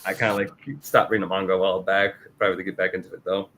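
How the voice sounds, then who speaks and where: A man's voice: little pitch movement, very fast, fairly bright tone, slight background noise. A man co-hosting a casual review chat, often laughing and acting out character lines. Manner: laughs often, acts out character quotes with raised pitch. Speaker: podcast co-host.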